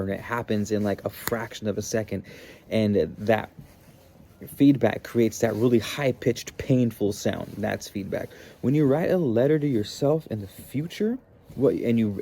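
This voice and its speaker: A man's voice: fairly low pitch, gravelly, warm tone. A man hosting a spiritual self-help video, talking casually and earnestly, often restarting and trailing off mid-thought. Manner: earnest, motivational. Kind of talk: casual explanatory monologue.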